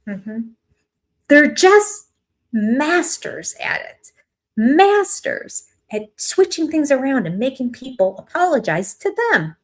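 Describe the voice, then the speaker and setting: An older woman hosting a casual live-stream chat about a reality show, opinionated and animated, breaking into quoted voices. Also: fairly high pitch, measured pace.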